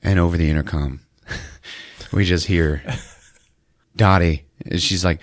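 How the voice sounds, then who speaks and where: A man's voice: deep voice, fairly even intonation, slow, long pauses, no room sound, studio quality. A man hosting a podcast, recapping a movie in a casual way and acting out the lines in put-on voices with frequent laughter. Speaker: podcast host.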